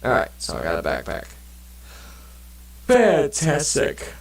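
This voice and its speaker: Relaxed gamer man, roomy distant mic. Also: fairly low pitch, normal speed. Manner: rambling, swears casually, many fillers. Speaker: let's play gamer. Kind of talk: casual gameplay commentary, reading game text aloud.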